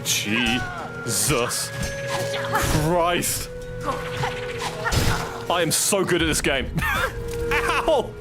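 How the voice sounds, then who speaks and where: An excitable English man chats through his gameplay, his voice swinging widely between low mutters and high yelps. He swears freely when things go wrong. Game music plays clearly behind him. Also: very slow, pauses often. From England. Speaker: streamer. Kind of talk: casual gameplay commentary.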